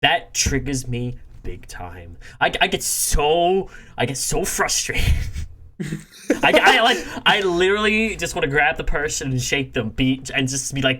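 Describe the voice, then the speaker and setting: Podcast co-host, bright forward tone, lively pitch, emphatic casual storytelling. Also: unhurried. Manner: emphatic, playful, acts out quotes. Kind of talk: casual chat.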